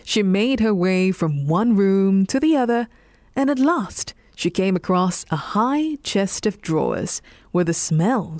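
Slow, soothing bedtime storyteller woman. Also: medium pitch, no room sound, clean studio sound. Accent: Singaporean English. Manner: slow, soothing, lively intonation.

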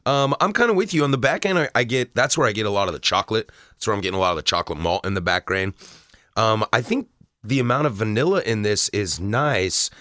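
Low-voiced guy, super animated pitch, tasting beer with a buddy, dry mic. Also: fast, no echo. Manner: animated, tells stories and jokes. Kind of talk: casual beer tasting chat.

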